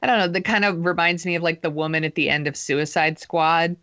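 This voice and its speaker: A woman's voice: lowish voice, fairly even intonation, brisk, fairly bright tone, no room sound, lo-fi sound. Blunt teasing woman co-host. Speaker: podcast co-host. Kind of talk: casual chat.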